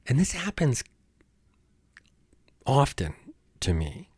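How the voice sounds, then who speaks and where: A man hosting a podcast, talking alone in a rambling, halting way with many restarts. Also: medium pitch, huge pitch swings, a little mellow, slightly rough, no room sound. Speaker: podcast host. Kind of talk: casual monologue.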